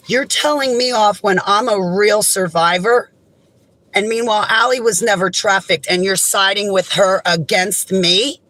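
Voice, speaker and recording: A woman speaking straight to her viewers in an impassioned, emphatic monologue. Her indignation comes through in raised outbursts that drop into low, heavy lines. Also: fairly bright tone, no room sound, poor audio. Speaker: vlogger. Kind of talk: direct-to-camera monologue.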